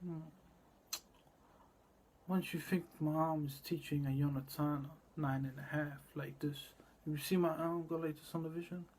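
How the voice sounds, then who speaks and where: A man delivering a rambling, cryptic monologue, repeating words and drifting between low murmurs and loud bursts. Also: steady tone, moderate pace, a little hiss or hum.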